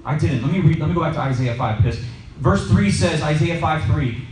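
A man's voice: fairly high pitch, brisk, a little hiss or hum. A man casually teaching a Bible study to a group, telling stories and asking the listeners questions. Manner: lively, storytelling, asks the audience questions. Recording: echoey room, mic at a distance.

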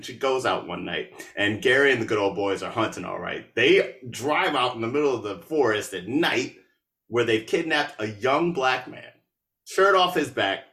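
A man hosting a podcast, recapping a movie in a casual, animated and sarcastic way. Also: mid-range voice, echoey room, far from the mic. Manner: animated, sarcastic, with laughs and asides. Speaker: podcast host.

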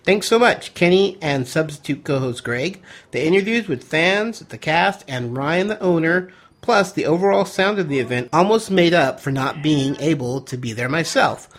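A man's voice: a little high, expressive, normal speed. A man hosting a podcast, chatting casually, laughing easily and reading out listener emails. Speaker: podcast host.

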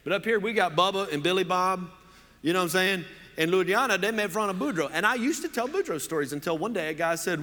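A man from Oklahoma preaching a sermon, chatty and joking with plenty of fillers. His voice sits a touch high and rings bright and forceful. A long church-hall reverb follows every phrase. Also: animated, fast talker. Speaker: pastor.

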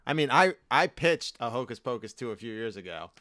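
A man's voice: medium pitch, very animated, a little fast, bright, forceful tone, no room sound. A man from the US East Coast co-hosting a casual podcast, joking, laughing often and wandering into tangents. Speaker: podcast co-host.

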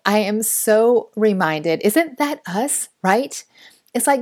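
A woman in her thirties hosting a faith podcast, telling a story with animated, laughing delivery. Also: on the high side, takes it slowly. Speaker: podcast host.

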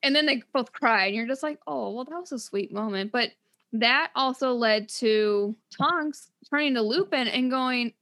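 A woman co-hosting a casual book podcast, her voice high and bright with a cutting edge. She recaps scenes in an animated way and slips into characters' lines as she goes. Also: moderate pace. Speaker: podcast co-host.

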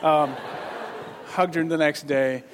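A man's voice: on the high side, fairly even intonation, slow, noisy background. A man in his thirties preaching, telling a rambling personal story with self-deprecating jokes and lots of restarts. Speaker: pastor. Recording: long reverb of a hall.

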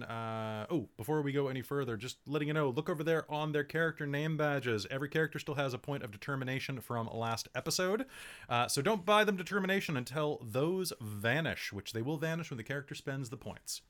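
A man's voice: mid-range voice, a little fast, a bit bright. A man serving as game master, chatting casually and joking, with lots of fillers before the tabletop game starts. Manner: joking, rambling with many fillers.

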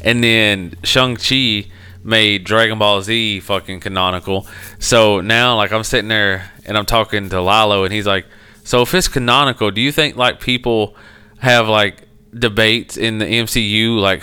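A man's voice: normal speed, smooth. A man chatting casually with a friend, swearing a lot and acting out the people in his stories in a raised voice. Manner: animated storyteller, swears a lot, acts out quoted people in a high voice. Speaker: podcast co-host. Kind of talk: casual chat.

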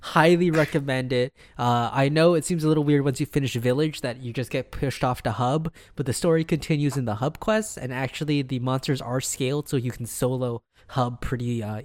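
A man co-hosting a podcast, chatting in an animated, casual way. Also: mid-range voice, fairly quick, no room sound, studio quality. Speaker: podcast co-host. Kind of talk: casual chat.

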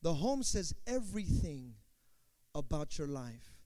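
A man preaching a sermon as pastor, moving from quiet asides to loud build-ups, acting out quoted voices and calling on the congregation to respond. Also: on the high side, very animated, unhurried. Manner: dynamic preaching, swinging from quiet to shouting.

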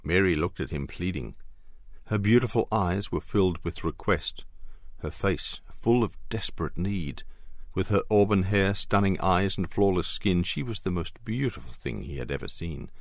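A man reading an audiobook in a measured, expressive scripted narration. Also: deep voice, no room sound, clean studio sound.

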